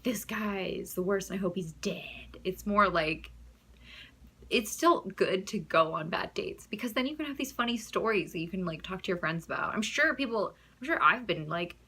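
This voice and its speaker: A young woman with an American accent chats straight to the camera about her own experiences. Her voice is clear and bright. She laughs easily, breaks off mid-sentence and starts again, in a loose, talkative storytelling manner. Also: mid-range voice. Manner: chatty, giggly, trailing off and restarting. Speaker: vlogger.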